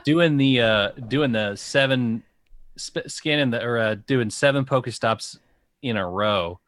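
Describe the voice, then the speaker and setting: A man's voice: mid-range voice, a little slow, a bit bright, no room sound. A man co-hosting a podcast in casual chat, easygoing, with short agreeing interjections. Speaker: podcast co-host.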